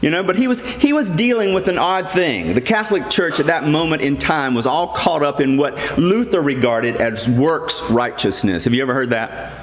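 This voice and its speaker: A middle-aged man delivers a sermon with earnest emphasis, leaning on repeated phrases. His voice sits a little high for a man. It rings out through a church with long, roomy reverb. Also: lively intonation, normal speed, few pauses, slight background noise. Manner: earnest, emphatic preaching with repetition. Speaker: priest.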